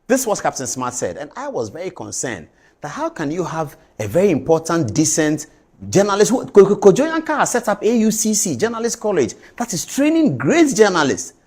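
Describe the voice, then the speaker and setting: A man with a husky voice tells a story on a talk show. His pitch swings widely as he recounts a phone call, and he apologizes at length. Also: wildly swooping pitch, a little fast, a little mellow. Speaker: commentator.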